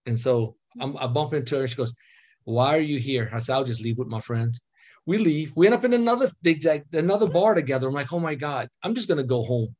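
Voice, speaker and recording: A man's voice: medium pitch, fast. A man casually telling a personal story on a video call, acting out the dialogue and laughing often. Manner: animated, acts out quoted dialogue, laughs often.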